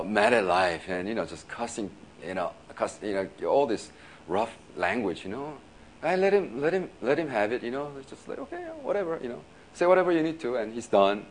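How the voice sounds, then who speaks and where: A male pastor preaching in a casual, storytelling way, laughing often and filling his talk with "you know" and quick restarts. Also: mid-range voice, a little hiss or hum. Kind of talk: sermon storytelling.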